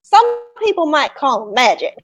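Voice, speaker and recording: A woman's voice: high voice, big pitch swings, moderate pace, low-quality recording. A woman voicing a folksy, cautious old male farmer with a put-on Southern accent, rambling and gossipy. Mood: confiding. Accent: put-on Southern American.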